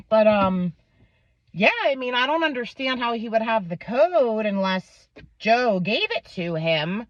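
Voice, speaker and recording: A heated woman rants through a story, swearing at every turn and jumping up and down in pitch as she quotes others. The sound is dry and close, with a slightly dull, muffled edge. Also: dry recording. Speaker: parent telling a story. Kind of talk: angry storytime rant.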